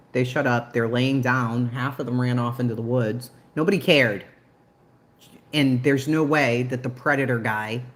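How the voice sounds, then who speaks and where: A livestream host in casual commentary, snarky and profane, laughing often. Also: medium pitch.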